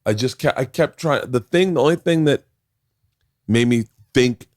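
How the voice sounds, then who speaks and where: A man's voice: medium pitch, moderate pace, a little mellow, no echo, studio quality. A man in his forties talking in a casual podcast chat, rambling and restarting his sentences, with some swearing. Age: 40s. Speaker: podcast guest.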